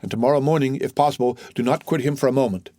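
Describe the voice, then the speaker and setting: A man's voice: medium pitch, quick pace, dark tone, dry recording, studio quality, natural voice. A man reading an audiobook, voicing an earnest, protective young man who speaks firmly and urgently.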